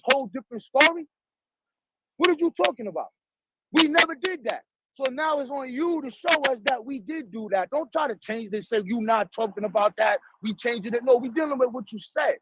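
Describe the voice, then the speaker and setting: A man arguing in a heated online debate, aggressive and profane, talking over his opponent. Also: very high voice. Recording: loud background noise with clicks.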